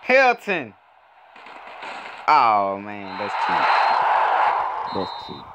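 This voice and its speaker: A young man giving casual commentary while playing a mobile football game, swinging between loud outbursts and quiet muttering. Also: lowish voice, animated, normal speed. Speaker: mobile gaming YouTuber. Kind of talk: casual live gameplay commentary. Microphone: phone. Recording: loud background noise.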